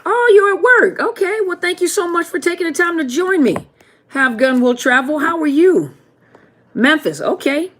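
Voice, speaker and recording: A woman's voice: very high-pitched, big pitch swings, moderate pace, a bit bright, slight background noise. A woman hosting a live question-and-answer stream, chatting casually and greeting viewers one by one by name.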